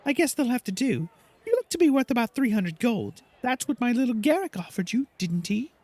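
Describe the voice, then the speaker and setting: Brief: high, imperious diva woman, lively and condescending, as a male player puts her on. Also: a little fast, full character voice. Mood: haughty. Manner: condescending, bossy. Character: haughty vain female actress, imperious.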